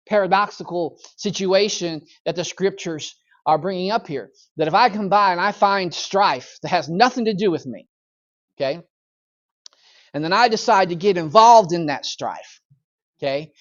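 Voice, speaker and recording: A man's voice: high-pitched, dull audio. Pastor teaching, a man repeating "okay?". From United States. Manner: conversational, repeats "okay?", acts out voices. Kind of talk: Bible study sermon. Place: church.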